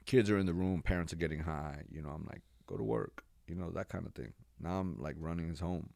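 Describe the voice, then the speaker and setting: Man, 40s, from New York, pastor, very low voice, animated slangy storytelling, podcast guest. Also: fast, vocal fry, no echo, studio quality. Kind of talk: personal testimony in a podcast interview.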